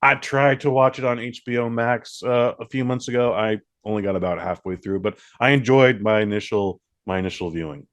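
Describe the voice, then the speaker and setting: A man's voice: mid-range voice, a little fast, few pauses, clear, resonant tone, no room sound. A man co-hosting a podcast, chatting casually about movies and swearing now and then. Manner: relaxed, swears casually, acts out quoted reactions. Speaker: podcast co-host. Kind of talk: casual movie review chat.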